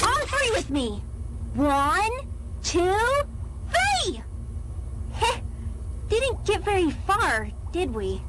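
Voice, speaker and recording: A woman's voice: very high voice, heavily acted. A woman voicing a pushy, bouncy rabbit creature. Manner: pushy, insistent counting. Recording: loud background noise.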